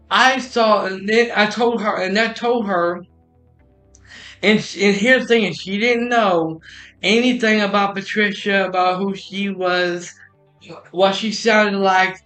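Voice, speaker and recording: A man's voice: high voice, fairly bright tone. A man streaming from home, casually retelling a story with many restarts and quoted dialogue. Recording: echoey room with music behind.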